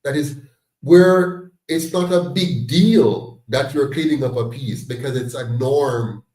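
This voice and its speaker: A man's voice: mid-range voice, takes it slowly, warm tone, reverberant, recorded from a distance, rough recording. A Jamaican man hosting a political discussion, talking with emphasis and bursting into indignant exclamations. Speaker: host of a political discussion meeting. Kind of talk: passionate political talk.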